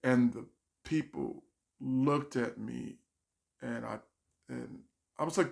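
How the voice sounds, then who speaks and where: A man telling a personal story as a stand-up comedian, animated and acting out the voices of the people in it. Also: mid-range voice, slow, vocal fry, pauses often. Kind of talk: storytime monologue.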